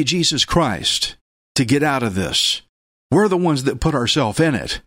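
A man preaching a sermon with emphatic delivery, repeating key phrases and breaking into sudden loud bursts. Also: medium pitch, sing-song, unhurried, no echo, studio quality.

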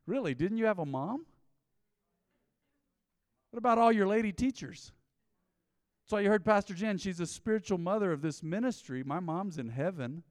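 A middle-aged man preaches a sermon in a church sanctuary, his voice smooth and resonant and pitched a little high. He drives his points with emphatic, rising bursts and quick acted asides. The mic is close and dry, but a long hall reverb trails behind him. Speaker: pastor.

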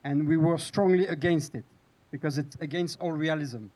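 Halting man telling a panel story. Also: on the high side, mellow, poor audio. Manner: halting, many restarts and fillers. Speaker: TV screenwriter on a panel. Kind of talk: hesitant panel talk.

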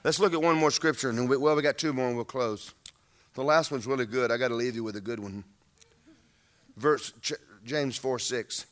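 A man preaching a sermon, animated, acting out voices and rising to shouts at the peaks. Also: mid-range voice, normal speed.

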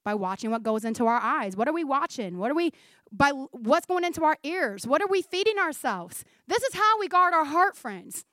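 A woman in her forties preaching a sermon to her church. She talks fast and chatty, with frequent laughs. Her voice sits high and bright, and the recording is dry and close. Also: big pitch swings, dry recording. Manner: fast, chatty, laughing often, says 'like' a lot.

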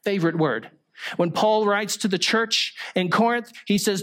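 A man's voice: high-pitched, normal speed, fairly bright tone. A male pastor delivering a sermon, explaining scripture through rhetorical questions and the occasional small joke.

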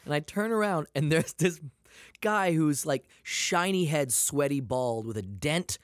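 Animated, profane man telling stories. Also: a little high, measured pace, dry recording, clean studio sound. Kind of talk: casual chat.

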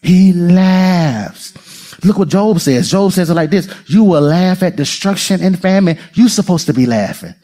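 A man preaching a sermon as pastor, playful and lively, laughing often and talking straight to the congregation. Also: high-pitched, a little slow.

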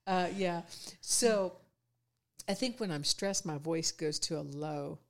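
A woman in her fifties, a podcast guest, talking reflectively in a casual conversation and often pausing with fillers. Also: on the low side. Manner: reflective, many fillers and restarts.

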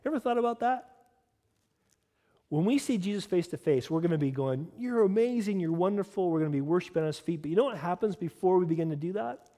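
A man's voice: a little high, animated, fast, warm tone. A man preaching a sermon as a pastor, moving between earnest teaching and casual conversational asides. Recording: long hall reverb.

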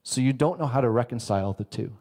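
Casual, animated male preacher. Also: mid-range voice, quick pace. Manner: animated storytelling, acts out characters in his illustration; casual, self-correcting, laughs at his own example. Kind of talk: sermon.

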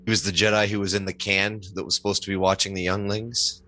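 A man's voice: lowish voice, level tone, quick pace, sharp tone. A man chatting and joking as a player at a tabletop role-playing game. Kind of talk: casual table chat.

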